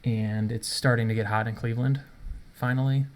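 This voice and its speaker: A man's voice: mid-range voice, fairly even intonation, normal speed. A man casually commenting on his own chess game, thinking aloud and chuckling at himself, recorded at home in his apartment. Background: faint rain noise.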